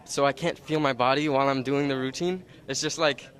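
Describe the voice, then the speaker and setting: A man's voice: mid-range voice, steady tone, brisk, a bit bright. A young man, an athlete, answering interview questions in a candid, rambling way. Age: young adult. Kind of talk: post-competition interview.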